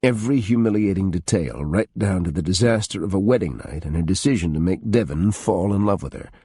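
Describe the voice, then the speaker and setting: Husky male audiobook narrator. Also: sits low, brisk, no echo, clean studio sound. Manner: expressive, voices each character. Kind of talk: scripted narration.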